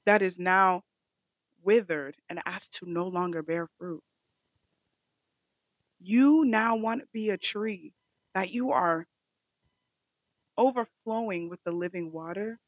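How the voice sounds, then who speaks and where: A woman's voice: lowish voice, no echo. A woman leads a devotional podcast in a fervent, repeating prayer rhythm. The recording is dry, with no room sound, and a little dull and lo-fi. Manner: fervent, repetitive prayer cadence. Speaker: podcast host.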